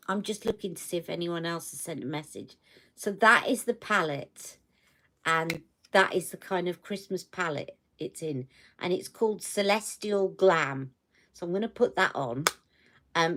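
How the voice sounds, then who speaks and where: A woman's voice: on the low side, a bit bright. A woman hosting a beauty livestream from home, chatting casually and checking in with her viewers as she shows products. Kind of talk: casual live product review.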